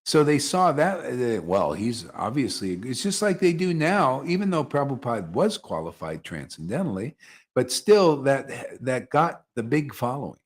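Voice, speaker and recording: Lively, animated man teaching devotion. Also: mid-range voice, normal speed, slightly rough. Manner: animated, mocking quoted voices, chuckling. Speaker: spiritual teacher leading satsang. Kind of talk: informal devotional talk.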